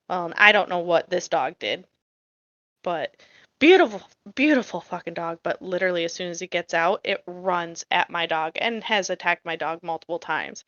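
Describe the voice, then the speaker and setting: A woman's voice: fairly low pitch, bright, forceful tone, no echo, muffled recording. A woman co-hosting a podcast, telling a story in casual chat in a blunt, profane way that gets heated. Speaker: podcast co-host.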